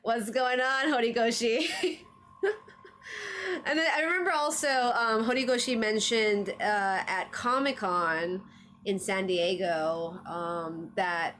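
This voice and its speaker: A woman's voice: mid-range voice, slow, a bit bright, a little hiss or hum. A woman streamer chatting casually on a livestream, full of fillers and frequent laughs. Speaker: streamer reviewing anime trivia.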